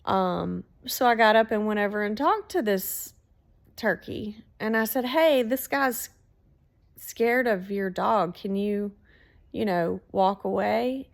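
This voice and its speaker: A woman telling a story in a casual, animated way, swearing freely. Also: mid-range voice, takes it slowly, creaky. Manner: animated, swearing, laughs between lines.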